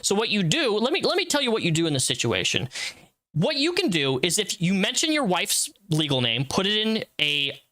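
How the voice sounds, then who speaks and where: Man, livestream host, live reaction commentary, blunt, profane, lecturing, lively pitch, bright tense tone. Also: brisk. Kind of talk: live commentary reacting to a social media post.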